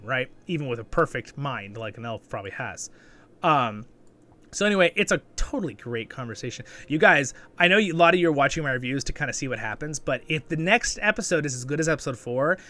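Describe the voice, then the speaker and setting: Bright, animated man reviewing a show. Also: mid-range voice. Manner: chatty and rambling, keeps asking "right?"; animated, with sudden excited jumps. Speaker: show reviewer and channel host. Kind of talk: casual episode review.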